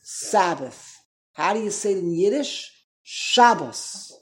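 A man's voice: sits high, animated, unhurried. A man leads an informal Torah class in a conversational tone. He keeps tossing questions to his listeners and corrects himself mid-thought as he explains. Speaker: Torah teacher.

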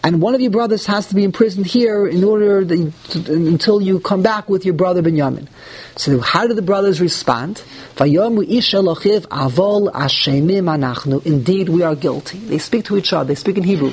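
Animated man teaching a Torah class. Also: high-pitched, fairly quick, husky. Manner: reads Hebrew verses aloud, then translates and explains them; animated, with rhetorical questions and mock dialogue.

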